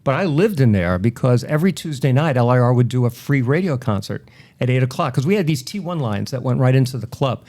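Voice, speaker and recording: A middle-aged man from Long Island, a radio personality telling animated stories in a casual interview and acting out the voices of people he quotes. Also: medium pitch, fast talker. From Long Island, New York.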